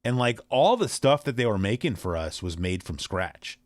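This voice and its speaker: A man's voice: lowish voice, big pitch swings, moderate pace, no echo. A man co-hosting a podcast in casual chat, talking loosely and leaning on "like" and "you know". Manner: chatty, leans on "like" and "you know". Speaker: podcast co-host.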